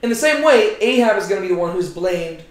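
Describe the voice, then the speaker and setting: A man teaching a Bible study group in a casual, animated way, peppering his talk with "like" and "right?". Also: high-pitched, quick pace. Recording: roomy echo.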